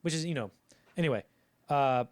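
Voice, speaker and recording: A man's voice: on the high side, brisk, darkish tone. A young man co-hosting a casual film-history podcast, rambling through anecdotes and acting out the people in them. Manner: rambling, acts out anecdotes in quoted voices. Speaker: podcast co-host.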